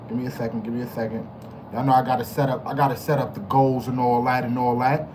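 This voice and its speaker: A man's voice: mid-range voice, little pitch movement, fast, noisy background. A man hosting a casual live stream, hyped and slangy, greeting chat members by name and repeating his phrases. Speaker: livestream host.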